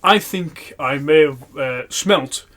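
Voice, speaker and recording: A man's voice: fairly high pitch, takes it slowly. Rowdy young man telling stories. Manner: animated, laughing storyteller with loud acted-out quotes. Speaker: podcast co-host. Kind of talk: casual comedic storytelling.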